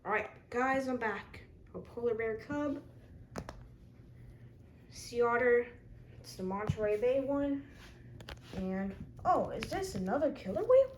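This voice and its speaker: A woman's voice: a little high, expressive, a little slow, long pauses, a little mellow, slight background noise, low-quality recording. A woman in a casual show-and-tell vlog, chatting as she lists her figures one by one with short comments. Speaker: toy collector showing her figures.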